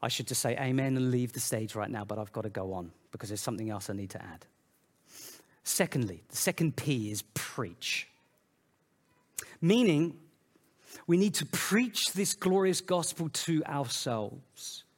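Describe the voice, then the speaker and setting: A man preaching a sermon in an animated way, swinging between loud, emphatic phrases and quiet, low asides. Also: a little slow. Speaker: pastor.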